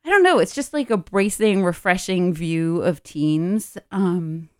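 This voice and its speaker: A woman's voice: fairly low pitch, expressive, measured pace, no echo. A woman co-hosting a casual radio talk show from a studio, chatty and rambling, often giggling.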